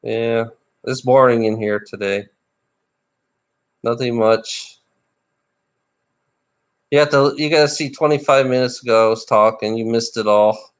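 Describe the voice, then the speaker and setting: A tired middle-aged man livestreaming alone, ranting bitterly and swearing, with rough laughs between complaints. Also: medium pitch, unhurried, long pauses. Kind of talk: ranting live stream monologue.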